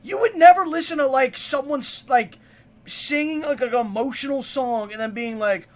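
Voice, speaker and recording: A man's voice: very high voice, big pitch swings, moderate pace. A man streaming a reaction video, ranting casually, heated and profane.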